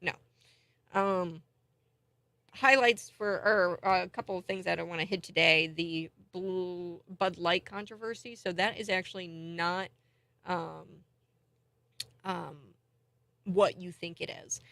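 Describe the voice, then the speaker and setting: A woman's voice: on the low side, takes it slowly, creaky, pauses often, no room sound. A woman hosting a morning talk show, giving chatty, indignant political commentary. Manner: chatty and indignant, thinks out loud.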